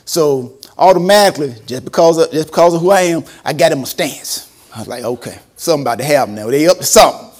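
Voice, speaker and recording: A man's voice: a little high, fast talker, a little mellow. A man preaching a storytelling sermon, acting out quotes and laughing often. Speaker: preacher and former school principal.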